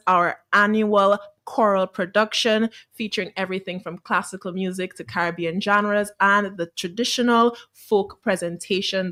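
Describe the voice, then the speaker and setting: A woman's voice: mid-range voice, fairly bright tone. A woman, a choir member promoting her group's show on a radio talk program in an upbeat, persuasive way.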